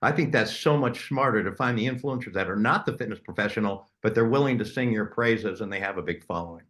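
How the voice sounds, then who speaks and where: A man with a fairly low voice weighs in on a casual panel discussion over a video call. He sounds conversational and opinionated. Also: quick pace, fairly bright tone. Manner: opinionated, conversational, hedges with "I think".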